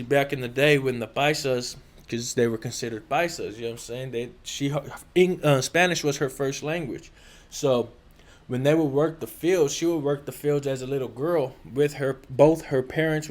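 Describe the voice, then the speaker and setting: A man with a Californian accent telling a casual personal story in slangy, profane speech full of filler tags. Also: mid-range voice. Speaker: show host telling a story.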